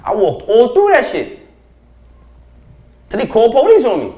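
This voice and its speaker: Preachy, forceful man in a roomy studio. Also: very high voice, wildly swooping pitch, moderate pace. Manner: forceful, preachy, profane, rhetorical questions. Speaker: podcast guest. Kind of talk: impassioned podcast conversation. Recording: roomy echo.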